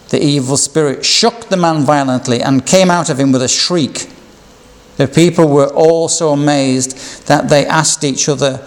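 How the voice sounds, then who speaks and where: Higher-voiced man giving a measured sermon. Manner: slow, measured, reflective Bible teaching with read-out scripture. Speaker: preacher.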